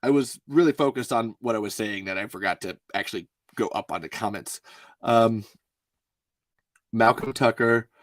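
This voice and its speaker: A man's voice: on the low side, moderate pace, dry recording. A man hosting a show, chatting casually in a rambling way, often swearing and laughing. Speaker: host. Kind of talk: casual chat.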